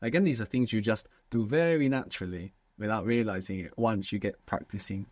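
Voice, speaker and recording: A man's voice: fairly low pitch, fairly quick, a little mellow, no room sound. A man teaching a language lesson, patiently prompting his student with questions.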